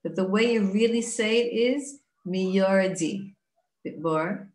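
A woman's voice: a little high, normal speed, darkish tone, reverberant. A woman giving an earnest, conversational Torah class, often asking rhetorical questions and restarting her sentences. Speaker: Torah teacher.

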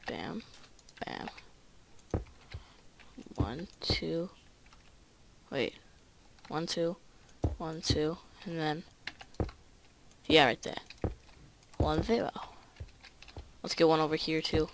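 A let's play gamer chatting casually and excitably through each move of the game. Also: mid-range voice, background noise. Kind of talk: casual gameplay commentary.

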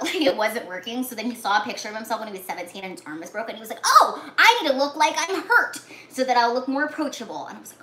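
A woman casually retelling a movie plot, talking with lots of "like"s and acting out the characters' lines in whispers and shouts. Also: medium pitch. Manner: animated, many "like"s, acts out lines in whispers and shouts. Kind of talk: casual chat. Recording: echoey room with faint noise.

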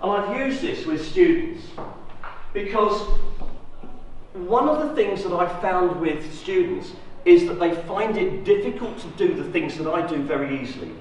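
A man giving a university lecture, lively and asking the audience rhetorical questions. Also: high-pitched, unhurried, slight background noise. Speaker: guest lecturer. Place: lecture hall. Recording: roomy echo, distant mic.

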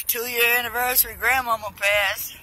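A woman's voice: a little high, steady tone, unhurried, sharp tone, rough recording. A drunk young woman vlogging outdoors on her phone, rambling and swearing with loose banter. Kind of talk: casual rambling selfie vlog. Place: outdoors by a busy road.

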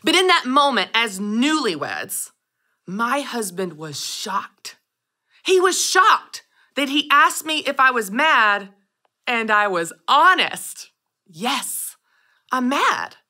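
A woman in her thirties hosting a solo podcast, telling personal stories with animated delivery and acting out quoted lines. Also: fairly high pitch, takes it slowly. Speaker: podcast host. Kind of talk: scripted solo podcast monologue.

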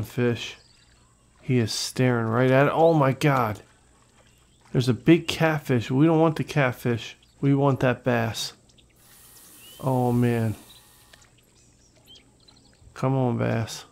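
A man hosting a gaming channel, giving casual, excitable gameplay commentary, talking to viewers and swearing when things go wrong. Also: medium pitch, slow pace, creaky, pauses often, poor audio.

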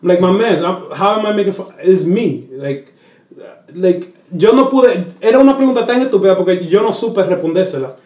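Man from the Dominican Republic, comedian, high voice, bilingual chat, animated storytelling, echoey room. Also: fairly quick. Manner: switches between English and Spanish; animated, puts on voices while telling stories. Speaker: comedian guest. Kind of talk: casual interview chat.

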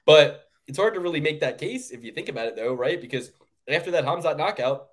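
A man co-hosting a sports betting podcast, ranting in casual, profane chat with sudden jumps up in pitch. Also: expressive, brisk. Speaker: podcast co-host.

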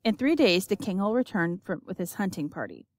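A woman's voice: medium pitch, animated, fairly quick, no echo, clean studio sound, close to an everyday voice. A woman reading an audiobook, voicing a greedy, scheming old male miller with a menacing, commanding manner.

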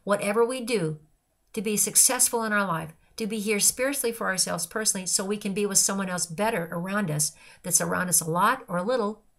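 Speaking a little fast in a mid-range, fairly bright voice, a grandmother delivers a heartfelt Christian devotional talk about her own faith. She talks earnestly and repetitively, stringing phrases together like a list.

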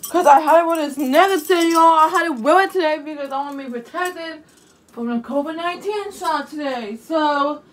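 High-voiced, anxious rambling woman vlogger. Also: fairly quick, recorded from a distance, slight background noise. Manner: anxious, rambling, repeats herself, keeps saying "you guys" and "y'all". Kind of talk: casual vlog talk to camera.

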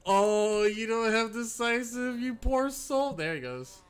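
A man giving excitable live commentary while streaming a game, swearing and talking to the players he is up against. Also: very high-pitched, takes it slowly, clean tone. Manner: excitable, swears, talks to opponents.

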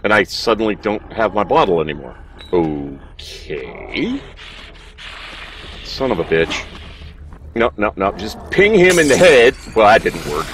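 Animated, swearing gaming streamer man. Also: on the low side, unhurried, long pauses, slight background noise. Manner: animated, swearing, laughing at his own play. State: allergies, clears throat. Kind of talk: casual let's play commentary.

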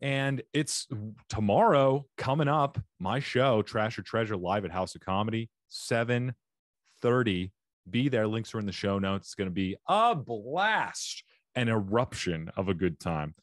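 A man's voice: lowish voice, lively intonation, measured pace, no echo, clean studio sound. A man hosting a comedy podcast, joking and rambling and correcting himself in casual chat. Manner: jokey, rambling, self-correcting. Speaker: podcast host.

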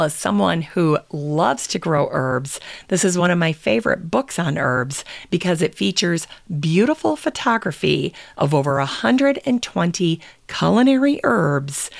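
A woman hosting a gardening podcast in scripted, unhurried narration, reading quotations aloud. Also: deep voice, gravelly, no echo. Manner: unhurried, reads quotes aloud. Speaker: podcast host.

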